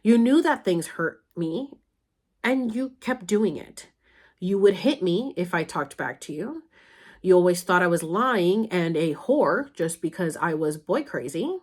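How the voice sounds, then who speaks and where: A woman's voice: fairly low pitch, animated, a little slow. A young adult woman vlogging, speaking candidly and emotionally to her mother about her past, blunt and sometimes swearing. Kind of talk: personal storytelling, addressing her mother.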